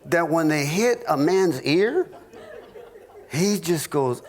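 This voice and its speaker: A middle-aged man, a pastor, teaching a marriage class in a humorous sermon, telling stories with halting restarts and jokey asides. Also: fairly high pitch, lively intonation.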